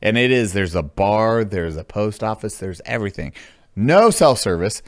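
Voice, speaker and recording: A man hosting a podcast in casual chat, telling rambling, animated stories and swearing freely. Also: fairly low pitch, normal speed, dry recording. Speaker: podcast host.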